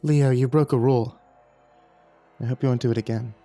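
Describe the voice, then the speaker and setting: A man voicing a nervous, worried teenage girl who speaks softly in a horror story. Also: mid-range voice, fairly even intonation, fairly quick, faint music behind, close to an everyday voice.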